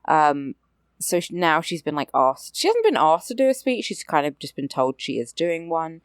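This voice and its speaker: A young woman with a low voice that swings widely, co-hosting a podcast. She is sarcastic and swears freely, with lots of "like" and "um". The recording is dry and close. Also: wildly swooping pitch, moderate pace, dry recording. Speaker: podcast co-host. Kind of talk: casual recap chat.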